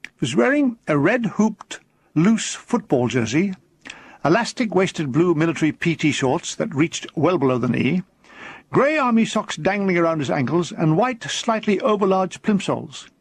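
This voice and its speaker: A man with a notably high speaking voice narrates his own comic memoir, keeping his delivery dry and deadpan. He slips briefly into put-on voices for quoted characters. The recording is close and dead, with no room sound around him. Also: moderate pace, husky, no echo.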